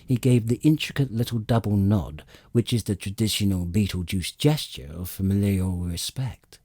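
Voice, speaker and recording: A man narrating an audiobook with expressive storytelling and dry comic timing. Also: on the low side, moderate pace, no room sound. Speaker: audiobook reader.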